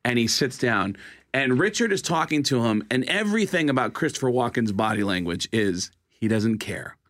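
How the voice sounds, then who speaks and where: A male comedian and impressionist telling comic stories in a casual chat, animated and laughing along. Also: mid-range voice, moderate pace. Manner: animated, slips into voices, laughs while telling.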